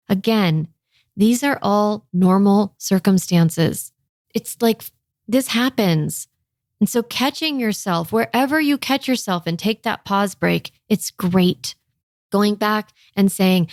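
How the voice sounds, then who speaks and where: A woman in her thirties coaching parents in a lively, energetic way, often acting out a parent's inner thoughts and checking in with "okay?". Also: medium pitch, no room sound, studio quality.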